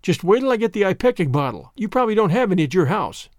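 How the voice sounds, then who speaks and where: A man's voice: high voice, sing-song, quick pace, no room sound, clean studio sound. A man voicing a talkative, imaginative young girl who chatters earnestly and at length. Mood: eager.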